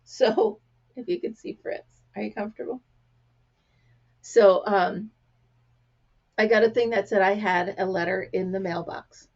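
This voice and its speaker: Gravelly chatty woman telling stories. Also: medium pitch, unhurried, pauses often, highs cut off. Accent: American. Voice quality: gravelly, clears throat often. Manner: chatty storyteller, acts out quotes. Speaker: crafting vlog host. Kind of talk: casual chat to camera.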